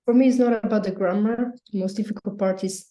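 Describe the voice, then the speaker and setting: Woman, Italian accent, guest teacher, casual chat, warm voice, echoey room. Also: medium pitch, fast talker. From Italy. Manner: lively, laughs often, short phrases.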